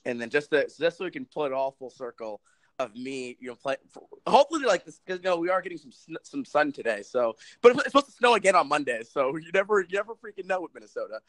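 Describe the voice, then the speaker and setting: A young man in his twenties co-hosts a relaxed podcast chat, rambling and poking fun at himself with frequent laughs. His voice sits a little high for a man, and the recording is dry and close. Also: fast talker, dry recording. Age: 20s. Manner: rambling, self-deprecating, laughs often. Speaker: podcast co-host. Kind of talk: casual chat. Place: Minnesota.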